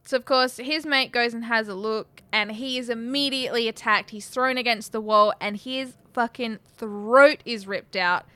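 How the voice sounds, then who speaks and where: A woman casually recapping a film in a podcast chat, easygoing and quick to agree. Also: fairly high pitch, sharp tone, no room sound.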